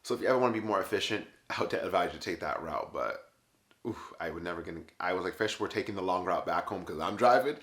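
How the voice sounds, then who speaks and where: A man vlogging, telling a story in a casual, animated way, laughing often and acting out what others said. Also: sits low, quick pace. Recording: echoey room.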